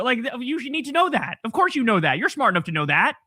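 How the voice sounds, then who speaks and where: A commentator mocks someone's views and slips into put-on voices to quote people. The voice is bright and lively, with a wide swing in pitch. It is recorded dry, with no room sound. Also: a little fast, dry recording. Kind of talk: mocking commentary.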